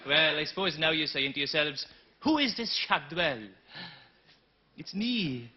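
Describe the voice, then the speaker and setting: A man doing deadpan stand-up comedy with absurd one-liners on a TV stage. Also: a little high, unhurried, pauses often. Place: TV studio stage. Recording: dull noisy 1980s TV broadcast.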